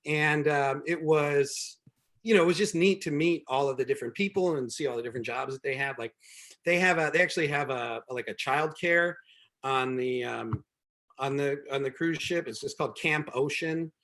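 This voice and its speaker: Male comedian, host, wry and rambling, many ums, somewhat high voice, video call sound. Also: moderate pace, a bit bright. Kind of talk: stand-up comedy set.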